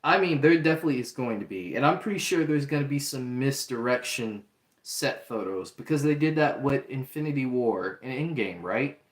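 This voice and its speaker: A man talks through a show review in a loose, chatty way, full of fillers and restarts. His pitch sits in the middle. The room around him gives a noticeable echo. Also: lively intonation, normal speed. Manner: chatty, many fillers and restarts, acts out quotes. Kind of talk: casual review talk. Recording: roomy echo.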